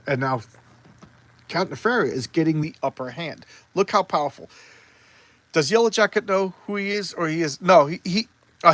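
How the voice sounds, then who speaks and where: A man reviewing old comic books in casual chat, talking eagerly and rambling with frequent restarts. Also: fairly high pitch.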